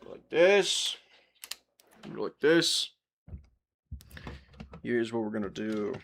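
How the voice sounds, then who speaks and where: Speaking very slowly in a gravelly, fairly bright, animated voice of medium pitch, this young streamer talks to his chat while soldering at a workbench. He rambles, swears, laughs at his own expense, and frequently faces away from the microphone; a little hiss or hum is audible.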